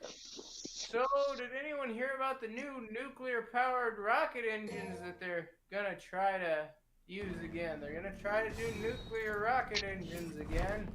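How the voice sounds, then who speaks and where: A man's voice: high voice, steady tone, a little slow, pushed and bright, slight background noise. Playful man chatting over gameplay. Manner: playful, joking. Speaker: streamer. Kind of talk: casual chat while gaming.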